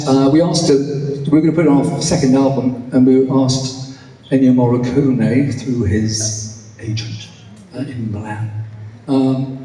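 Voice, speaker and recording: A man's voice: medium pitch, slight background noise. Man rambling on stage in an echoey hall. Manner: rambling anecdote, many ums, dry asides. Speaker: singer on stage. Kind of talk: stage banter between songs. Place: large indoor concert hall. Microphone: stage mic, recorded from the crowd. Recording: distant echoey concert hall audience recording. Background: loud live music.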